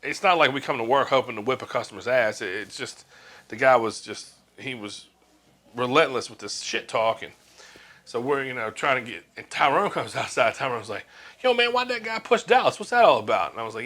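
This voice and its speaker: Speaking a little fast at medium pitch with a sharp tone, a man in his forties recounts a relaxed story from his tattoo-artist days. He curses freely and performs the lines others spoke.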